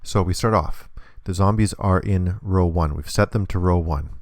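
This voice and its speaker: A man's voice: deep voice, normal speed, no room sound, studio quality. A man teaching a hands-on lesson, explaining patiently step by step. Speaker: instructor.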